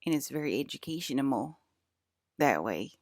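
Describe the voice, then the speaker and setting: A woman's voice: extremely low pitch, lively intonation, moderate pace, dry recording, clean studio sound. A young adult woman rambling through a profane, agitated vlog monologue about her dreams, full of fillers and restarts. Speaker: vlogger.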